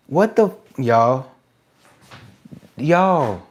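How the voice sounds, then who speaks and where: A man streaming live as an artist, giving excited shout-outs to viewers in casual slang, then turning soft and reflective. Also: mid-range voice, a little slow. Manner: drops to a soft, quiet reflective tone. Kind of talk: casual livestream chat.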